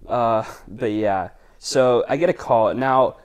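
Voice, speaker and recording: A man's voice: mid-range voice, slow pace, smooth. A young adult man, a podcast guest and intern, telling a story in casual chat with plenty of "like" fillers. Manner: chatty, lots of "like" fillers.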